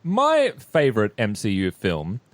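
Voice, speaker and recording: A man's voice: lowish voice, wildly swooping pitch, measured pace, dry recording. A young adult man hosting a podcast, chatting in a jokey, rambling way. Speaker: podcast host. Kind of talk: casual chat.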